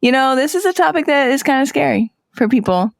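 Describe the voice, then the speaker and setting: A woman's voice: high voice, animated, brisk, gravelly, dry recording, clean studio sound. Playful woman co-hosting a podcast. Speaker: podcast co-host. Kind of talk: casual podcast chat.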